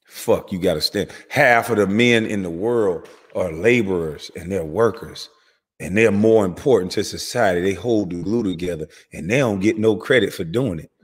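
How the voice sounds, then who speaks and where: This channel host is furious, cursing his way through a commentary rant with rapid shifts in pitch and volume. A breathy edge colors his voice, and a long reverb tail follows it.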